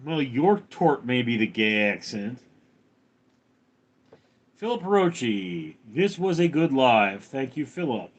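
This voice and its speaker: A man's voice: medium pitch, very animated, slow, long pauses. A man hosting a casual livestream, reading viewer comments aloud and answering with jokes. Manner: jokey, answers chat in put-on voices. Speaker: livestream host.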